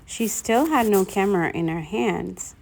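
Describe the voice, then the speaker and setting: A woman's voice: medium pitch, measured pace, gravelly. Woman reading a novel aloud. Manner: steady first-person narration. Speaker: reader.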